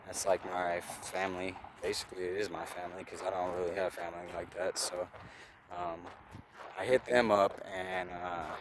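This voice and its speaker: A man's voice: sits low, flat delivery, normal speed. Rambling, profane man by a busy roadside. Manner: rambling and profane, with many fillers. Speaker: vlogger. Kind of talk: casual storytelling. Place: outdoors by a roadside, traffic nearby. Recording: outdoor traffic noise.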